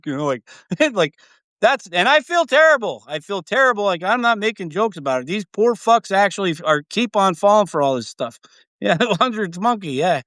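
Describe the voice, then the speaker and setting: A man's voice: high voice, sing-song, moderate pace, a bit bright, no room sound, clean studio sound. A man hosting a livestream, talking in a casual, rambling way, swearing freely and laughing often. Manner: profane, laughs often, trails off and restarts. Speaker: livestream host.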